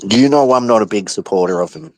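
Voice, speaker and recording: Low-ish voice, dry sound, caller chatting footy calmly, bit deadpan. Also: male voice, fast talker, dry recording, poor audio. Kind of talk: casual phone-in chat.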